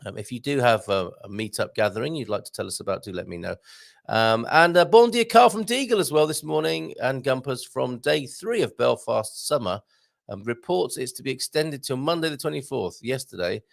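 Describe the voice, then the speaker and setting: Chatty British man with a gravelly voice. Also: medium pitch, animated, brisk, no echo, studio quality. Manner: chatty, jokey, reads comments aloud with asides. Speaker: host. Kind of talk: casual live-stream chat reading viewer comments.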